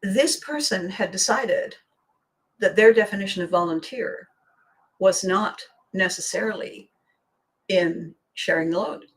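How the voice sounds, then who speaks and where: A woman's voice: medium pitch, unhurried. A middle-aged woman hosting a podcast, telling a story animatedly and laughing often. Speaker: podcast host. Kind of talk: storytelling monologue.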